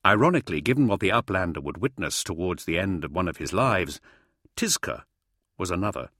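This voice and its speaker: A man reading a novel aloud as an audiobook narrator, in a measured, dramatic storytelling manner. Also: sits low, lively intonation, fairly bright tone, dry recording, studio quality. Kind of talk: scripted narration.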